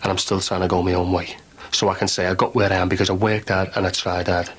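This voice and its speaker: Brief: a reformed tearaway, deep and husky, quick, blunt. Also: male voice, little pitch movement, fairly bright tone. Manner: blunt, rueful storytelling. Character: reformed young Liverpool tearaway, sober, earnest. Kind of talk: 1990s TV soap acting.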